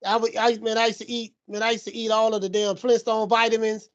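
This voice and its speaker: A man's voice: high-pitched, flat delivery, fast, dull audio. A man co-hosting a podcast in casual chat, reminiscing in a rambling, slangy way with lots of fillers. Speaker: podcast co-host.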